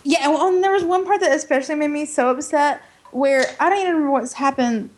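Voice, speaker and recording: A woman co-hosting a casual podcast chat, lively and laughing often. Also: sits high, quick pace, a little hiss or hum.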